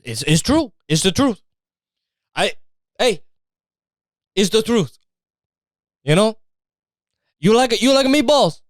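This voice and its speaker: A man's voice: high voice, sing-song, slow, pauses often, no echo, clean studio sound, voice pushed up, heavily acted. Man putting on a boasting Italian braggart. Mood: insistent. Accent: put-on Italian. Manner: insistent and grandiose, brushes off doubt. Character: boastful Italian man bragging about his family's cooking.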